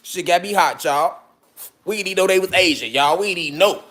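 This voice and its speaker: Pitched high, a bit bright and somewhat fast, this man delivers a profane, sermonizing lecture to his viewers, returning again and again to call-and-response asides.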